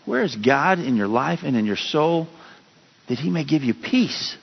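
Pastor guy preaching, jumps up in pitch for emphasis, muffled recording, long echo. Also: big pitch swings, a little slow, vocal fry, husky. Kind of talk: sermon. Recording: dull lo-fi sound with long hall reverb.

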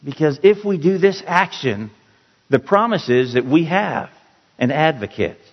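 A man teaching a Bible passage as a pastor, slow and emphatic, repeating key words for his listeners. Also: a little high, expressive. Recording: dull, roomy hall sound.

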